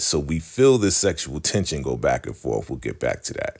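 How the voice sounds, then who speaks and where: Very deep, gravelly-voiced man recapping. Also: moderate pace. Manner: animated retelling, acts out characters' lines. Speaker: TV recap vlogger. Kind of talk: casual episode recap.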